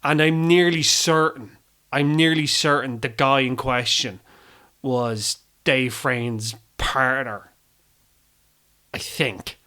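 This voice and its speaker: A man's voice: medium pitch, fairly even intonation, slow pace, sharp tone, smooth. A man with an Irish accent hosting a film podcast, rambling and self-deprecating, swearing freely and using many fillers. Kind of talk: casual film review chat.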